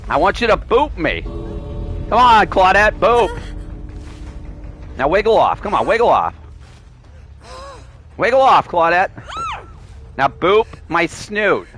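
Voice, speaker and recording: A man's voice: high-pitched, sing-song, takes it slowly, long pauses, a bit bright, faint music behind. A man giving playful, teasing live commentary while streaming a game, sometimes pleading with other players.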